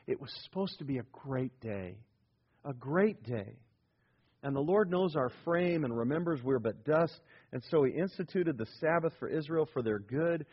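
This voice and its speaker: A man's voice: fairly high pitch, slightly rough, muffled recording. A man preaching a sermon as pastor, building emphasis with rhetorical questions to his congregation.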